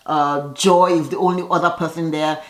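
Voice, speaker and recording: A woman giving a casual, chatty recap of a TV episode. She leans on "you know" and acts out the cast's lines with animated quoting. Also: sits low, moderate pace. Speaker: reality TV recap vlogger. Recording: roomy echo.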